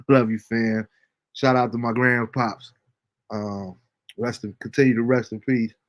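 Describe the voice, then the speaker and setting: A man hosting a casual livestream show, reading out viewer comments with a relaxed, chuckling manner. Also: mid-range voice, a little slow. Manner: laid-back, chuckling often, fillers like um. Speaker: host.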